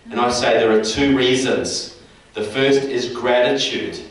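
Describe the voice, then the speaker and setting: A man's voice: medium pitch, moderate pace, a little hiss or hum. A man from New Zealand with a New Zealand accent, giving a folksy, direct speech to a local group, recorded in a meeting hall. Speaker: guest speaker. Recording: echoey hall, mic far off.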